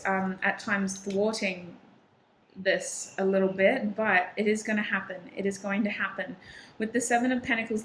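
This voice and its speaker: A woman's voice: medium pitch, a bit bright, slight background noise, poor audio. A woman whose first language is not English, giving a chatty, encouraging tarot reading with frequent ums and restarts. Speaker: tarot reader.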